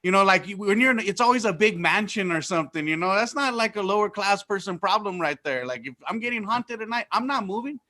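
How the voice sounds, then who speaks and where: Stand-up comic, 40s, high bright voice, loud and profane. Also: male voice, expressive, fast talker, hardly any pauses. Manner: loud, profane, laughing storyteller. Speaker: comedian. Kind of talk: stand-up on a video call. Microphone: video call.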